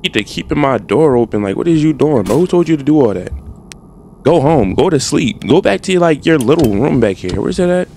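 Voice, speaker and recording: A man's voice: a little high, brisk, gravelly, slight background noise. A young man doing casual, trash-talking commentary while playing a game. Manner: animated, trash-talking, slangy. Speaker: gaming streamer.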